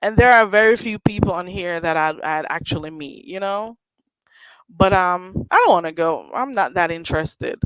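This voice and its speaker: A woman's voice: on the low side, normal speed, clean tone, no room sound, low-quality recording. A woman hosting a livestream in casual chat, rambling and laughing easily as she talks. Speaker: livestream host.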